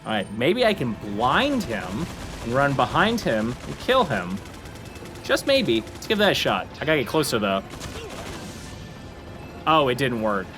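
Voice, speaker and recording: A man's voice: medium pitch, huge pitch swings, measured pace, long pauses. A man hosting a let's play, commenting casually and playfully on his gameplay, laughing often and doing goofy voices. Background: game music and gunfire.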